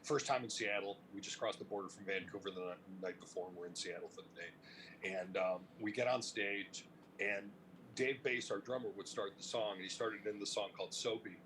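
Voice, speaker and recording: A middle-aged man from Cleveland, telling stories in a casual interview, animated and profane, laughing as he talks. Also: on the low side, brisk, slight background noise, rough recording. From Cleveland, United States. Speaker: interview guest, music industry veteran.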